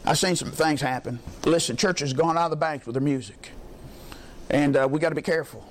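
A man's voice: fairly high pitch, brisk. A male pastor preaching a sermon in a folksy, emphatic storytelling way, repeating his points for effect.

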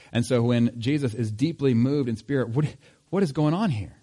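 A man's voice: mid-range voice, moderate pace, warm tone. A man preaching a sermon in a conversational tone, asking rhetorical questions. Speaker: pastor.

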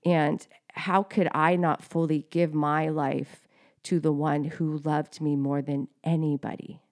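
Low gravelly heartfelt woman. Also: flat delivery, a little slow, a little mellow. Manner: heartfelt, emotional, many fillers. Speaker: co-host. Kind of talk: podcast faith chat, sharing testimony.

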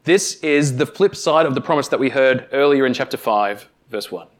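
A man preaching a sermon, speaking emphatically with deliberate pauses and addressing the congregation directly. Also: medium pitch, lively intonation. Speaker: pastor.

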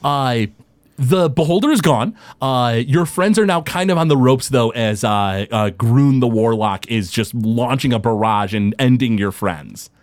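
A man running a tabletop game as game master, animated and halting with frequent restarts. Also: medium pitch, dry recording.

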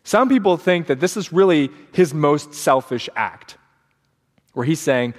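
A man's voice: mid-range voice, normal speed. A man preaching a sermon as pastor, storytelling with energy and acting out the quotes in changing voices. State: sleep deprived. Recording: long hall reverb.

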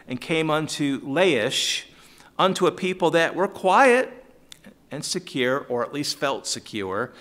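A man's voice: mid-range voice, a bit bright. A man leading a conversational Bible study, paraphrasing verses in casual speech, chuckling and calling on listeners by name. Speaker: Bible teacher.

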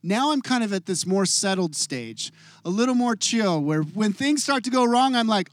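A man in his forties preaching a sermon as a pastor, earnest and confessional, going from hushed and soft to loud and raised. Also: high voice, animated, normal speed, no echo, clean studio sound. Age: 40s.

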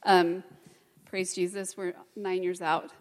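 A middle-aged woman sharing a personal testimony in church, hesitant and full of pauses. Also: fairly low pitch, little pitch movement. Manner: hesitant, many pauses and fillers. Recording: long hall reverb.

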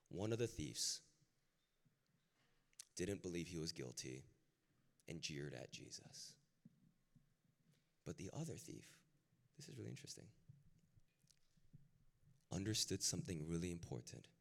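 A man preaching a sermon in a casual, conversational way that builds to impassioned, near-shouted peaks. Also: low voice, sing-song, a little slow, gravelly, long pauses. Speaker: pastor. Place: large hall with a live audience. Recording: long hall reverb, faint music.

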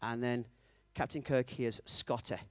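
Chatty preacher, dry sound. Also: male voice, medium pitch, steady tone, a little slow, dry recording. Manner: chatty, checks in often with the audience, self-mocking. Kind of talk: conversational sermon with storytelling.

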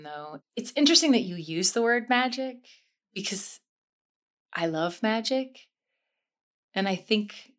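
A woman's voice: mid-range voice, fairly bright tone. Effusive, self-deprecating woman improviser. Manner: effusive, self-deprecating, quick swings in energy. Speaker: improv comedian guest. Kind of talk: candid interview chat.

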